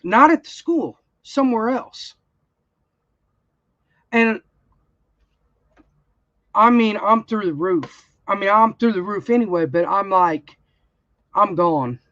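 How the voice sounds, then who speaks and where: A woman's voice: medium pitch, expressive, takes it slowly, long pauses, a bit bright, dry recording. A woman, telling a story in a blunt, heated way during a casual livestream chat. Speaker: crafting channel host. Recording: dull, slightly lo-fi sound.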